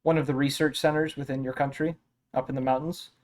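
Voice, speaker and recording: A man's voice: medium pitch, little pitch movement, fast talker, a little mellow. A man narrating as dungeon master in a tabletop role-playing game, describing characters with frequent fillers.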